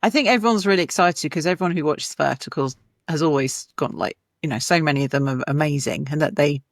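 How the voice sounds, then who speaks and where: A woman hosting an interview podcast, enthusiastic and quick to react in casual chat. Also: deep voice, dry recording, studio quality. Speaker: podcast host.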